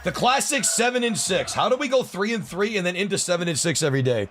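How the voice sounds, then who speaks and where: A man's voice: sits high, expressive, fast, hardly any pauses, fairly bright tone, faint music behind. A man livestreaming a game, talking to chat in frustrated rants and swearing freely. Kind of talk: gaming livestream commentary.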